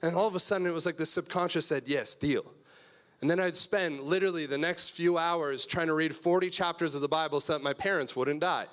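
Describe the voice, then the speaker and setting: A young adult man preaching a sermon as pastor, telling a personal story earnestly and moving between hushed and loud passages. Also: fairly high pitch, fairly even intonation, fast, few pauses, clear, resonant tone.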